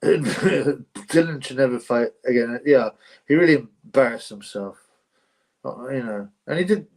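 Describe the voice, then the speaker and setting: A man's voice: medium pitch, a little slow, a little mellow. A man hosting a casual livestream, reading out viewer comments in a chatty, rambling way and laughing often. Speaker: livestream host.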